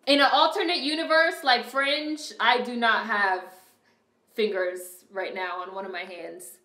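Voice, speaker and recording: A young woman streaming and chatting casually with her viewers, telling animated stories full of swearing. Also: a little high, a little slow. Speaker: streamer reacting to a movie and reading chat. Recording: echoey room.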